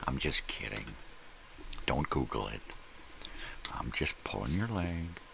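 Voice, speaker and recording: A man's voice: rumbling low, big pitch swings, slow pace, creaky, background noise. A middle-aged man hosting a casual solo morning stream. He rambles, jokes and swears, and often trails off while he searches for names. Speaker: host. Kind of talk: casual solo livestream chat.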